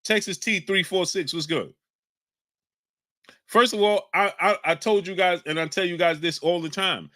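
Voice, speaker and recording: A man's voice: high voice, normal speed, few pauses. Fired-up man hosting a live chat. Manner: combative, shouts out chat names. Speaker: livestream host reading chat. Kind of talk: heated live-stream talk.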